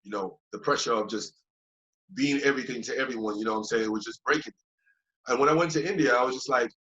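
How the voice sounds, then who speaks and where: On a dull, lo-fi podcast recording, a male yoga teacher appears as a guest, talking fast in a mid-range voice. He chats casually and reflectively in a loose, repetitive way, often asking "you know what I mean" and acting out his past thoughts in lively quoted voices.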